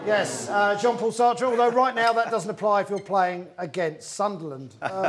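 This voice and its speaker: A man's voice: high-pitched, a little slow, crowd noise. A man hosting a comedy football quiz, joking with the panel and addressing the audience. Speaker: host and quizmaster. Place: stage before a live audience. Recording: live audience laughter behind.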